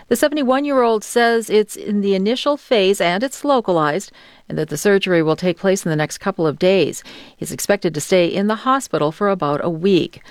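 A woman newscaster reading a radio news bulletin in a crisp, measured way from a studio. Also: on the low side, dry recording. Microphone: studio mic.

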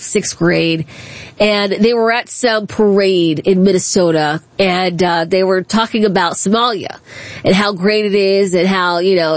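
A woman's voice: medium pitch, no echo. Chatty woman hosting a talk radio show. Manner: chatty, laughing, opinionated.

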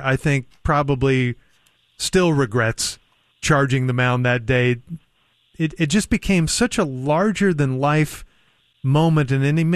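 A male radio host introduces his guest and asks questions in an easy, conversational tone. His voice is mid-pitched, dry and close to a studio mic. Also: no echo. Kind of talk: sports radio interview.

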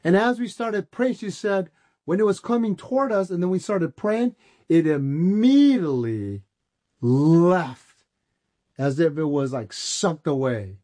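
Man preaching with a mellow voice. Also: high voice, unhurried. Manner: storytelling, repeats words when excited. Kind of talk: sermon with testimony.

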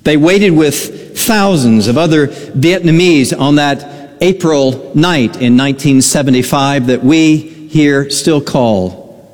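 A pastor preaching a sermon, telling a story slowly and earnestly, with dramatic pauses. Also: male voice, fairly high pitch, a little mellow, long reverb tail.

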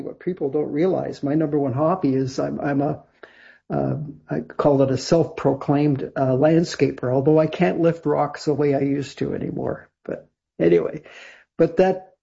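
An older man from Canada, a guest songwriter and producer, telling stories in a rambling, husky way with many restarts and laughs. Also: on the high side, dark tone. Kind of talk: casual interview storytelling. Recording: dull lo-fi sound.

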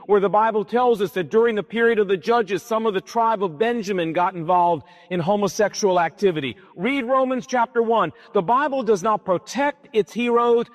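High-voiced preacher in an echoing hall. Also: male voice. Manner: emphatic, dramatic storytelling. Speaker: pastor. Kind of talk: sermon. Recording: long hall reverb.

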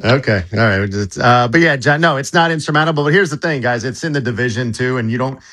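A man's voice: mid-range voice, fast, bright, forceful tone. A man who is a sports director, talking casually in a live radio preview, with many fillers and restarts.

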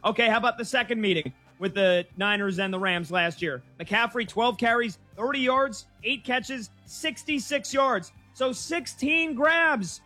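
A man with a high, bright voice hosts a sports betting segment. He rattles off stats briskly and keeps the picks moving, with faint music underneath. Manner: brisk, stat-heavy, leads the segment. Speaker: sports betting show host. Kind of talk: casual sports betting talk.

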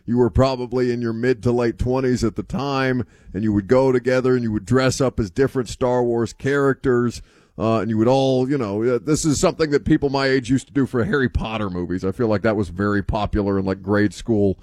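A grumpy man in his thirties cohosting sports radio, brushing off ideas in a mid-pitched voice. His delivery is dry and close to the mic, with no room sound. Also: steady tone, fairly quick, darkish tone, no echo. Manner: grumpy, dismissive. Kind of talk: casual radio banter. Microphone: studio mic.

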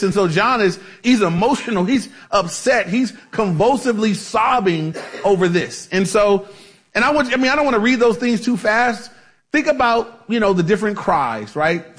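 A man's voice: sits high, a bit bright. A man preaching a conversational Bible-teaching sermon, casual and chatty, with frequent asides and restarts. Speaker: pastor.

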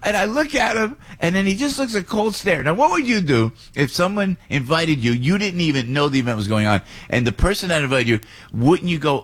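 Excitable husky-voiced male radio host. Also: fairly high pitch, brisk, no room sound. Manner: excitable, rambling, acts out other voices. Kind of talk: animated radio storytelling.

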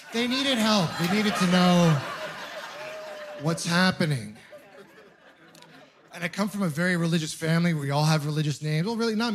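A man in his thirties from Ontario performing a stand-up comedy set in a club, rambling through self-mocking stories with acted asides. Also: on the high side. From Ontario, Canada. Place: comedy club with laughing audience.

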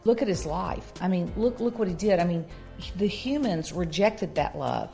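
Woman co-host, earnest and halting, slightly low voice, light music underneath. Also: expressive, creaky, warm tone. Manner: earnest, with frequent fillers and restarts. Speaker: co-host of a Christian marriage talk. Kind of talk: casual faith-based chat.

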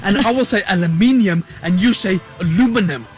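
Playful high-voiced male tourist. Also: fairly quick, faint music behind. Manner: playful, laughing between words. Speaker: tourist in a social media clip. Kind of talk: casual street clip.

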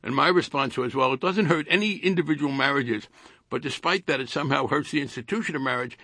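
A retired congressman, an older man with a New Jersey accent, speaks haltingly in a radio interview, repeating words and showing dry wit. His mid-range voice has a sharp tone, with no echo.

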